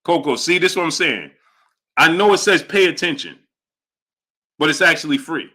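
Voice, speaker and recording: Animated man hosting a boxing livestream. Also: on the high side, normal speed. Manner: animated, emphatic, repeats lines for effect. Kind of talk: live stream chat, reading Super Chats.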